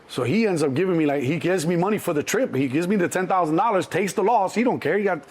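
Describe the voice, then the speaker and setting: A middle-aged man, telling stories as an interview guest in a lively, profane way and acting out other people's voices. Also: fast talker, hardly any pauses, husky. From Chicago. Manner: animated, acts out other people's voices in a higher pitch, profane. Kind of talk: storytelling in an interview.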